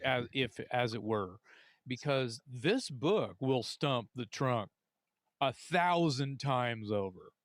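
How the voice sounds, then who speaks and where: Podcast cohost guy, halting filler-heavy chat, middle pitch, dead dry mic. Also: lively intonation, no room sound. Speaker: podcast co-host. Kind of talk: casual chat.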